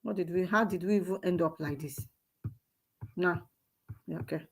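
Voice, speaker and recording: Her voice is lowish and slightly rough, moving at normal speed, as this online commentator with a Nigerian accent delivers an emotional, exclamatory monologue. She preaches, repeats herself and keeps calling out to God.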